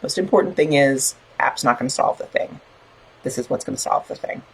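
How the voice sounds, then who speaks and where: A woman's voice: very deep voice, brisk, husky, low-quality recording. A middle-aged woman hosting a book club live stream, chatting in an encouraging way and reading out viewer comments. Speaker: podcast host leading a book club. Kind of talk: casual live-stream talk to a group.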